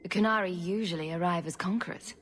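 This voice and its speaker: An actress playing a calm, dry, self-assured female adventurer in video game dialogue. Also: on the low side, fast talker, slight background noise, lightly acted.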